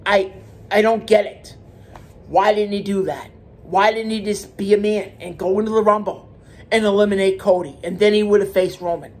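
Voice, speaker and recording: A man's voice: high-pitched, steady tone, moderate pace. A man hosting his own wrestling commentary channel, talking alone in a heated, emphatic way, repeating his points and restarting words. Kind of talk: solo wrestling opinion rant.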